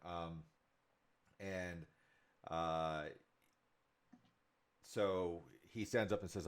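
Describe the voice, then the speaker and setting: Deep-voiced male game master, narrates scenes in detail with lots of ums, low and steady. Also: normal speed, pauses often, slight background noise. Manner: descriptive, filler-heavy.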